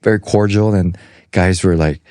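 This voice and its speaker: A man's voice: deep voice, moderate pace, no echo, studio quality. A middle-aged man co-hosting a podcast, telling stories in a casual chat and acting out the people in them. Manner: animated storyteller who acts out other people's voices. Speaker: podcast co-host.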